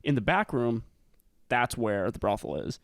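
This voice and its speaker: A man's voice: medium pitch, expressive, measured pace, no echo. Young guy cohosting a podcast, rambly and crude, lots of ups and downs in the voice, dry close mic. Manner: rambling, crude and joking, trails off mid-sentence. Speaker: podcast co-host. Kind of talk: casual podcast banter.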